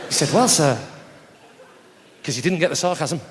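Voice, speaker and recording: A man doing live stand-up comedy, telling a sarcastic story in an animated way with shouted punchlines. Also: fairly high pitch, moderate pace. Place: large theatre stage with audience. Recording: live hall recording with reverb and crowd noise.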